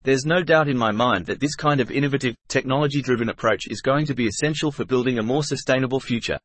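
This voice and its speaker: A man's voice: medium pitch, fast talker, dry recording. A man co-hosting a scripted podcast discussion with an upbeat, polished delivery. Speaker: podcast co-host.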